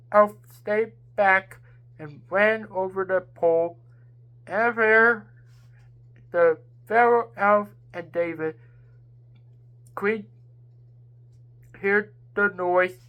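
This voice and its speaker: Slow, halting woman storyteller. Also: mid-range voice, lo-fi sound. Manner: halting, with slips and restarts. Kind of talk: homemade story narration.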